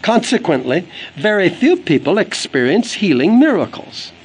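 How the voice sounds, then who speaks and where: A man's voice: sits high, very animated, normal speed, breathy edge, poor audio. A man delivering an earnest, emphatic sermon for an audio book, quoting scripture as he preaches. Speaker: evangelist preacher.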